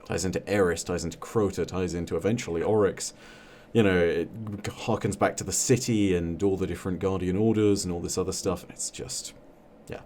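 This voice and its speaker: Deep mellow guy on a podcast, reflective, lots of "you know", dark warm tone. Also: steady tone, slight background noise. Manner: reflective, many fillers, measured storytelling. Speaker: guest lore storyteller. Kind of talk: casual podcast interview.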